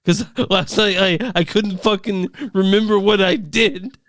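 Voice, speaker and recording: A man with a high, clean, resonant voice recorded close and dry. He co-hosts a casual movie podcast, stammers through restarts and swears offhandedly. His talk is loose and rambling. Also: fairly even intonation, measured pace, a bit bright, dry recording. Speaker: podcast co-host.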